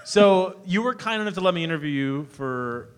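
A man hosting a live stage show who chats with his guest and teases him with quick comic jokes. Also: sits high, animated, clean tone. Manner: teasing, quick comic interjections. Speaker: host. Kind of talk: casual onstage chat. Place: live show at a bar venue.

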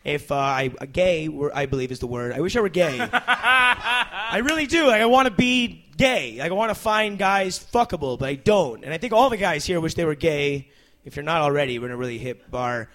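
Animated, rambling young male comedian. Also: on the high side, moderate pace. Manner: rambling, self-interrupting, animated bursts. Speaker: stand-up comedian and talk show guest. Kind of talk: stand-up set then casual chat.

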